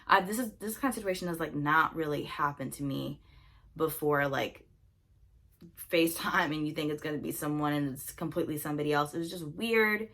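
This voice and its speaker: A young woman with a low, deeper-than-usual voice, chatting through a storytime while she does her makeup. She tells it in a loose, animated way, filled with "like" and acted-out bits of dialogue. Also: brisk. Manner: chatty, animated retelling with lots of "like" and quoted dialogue. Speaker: beauty vlogger telling a storytime. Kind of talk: casual storytime chat while doing makeup.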